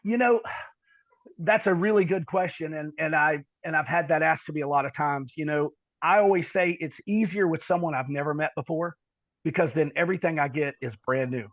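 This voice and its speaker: Man, podcast guest, animated storyteller; slightly raised pitch, dull dry lo-fi sound. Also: a little fast, no echo. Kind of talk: storytelling interview talk.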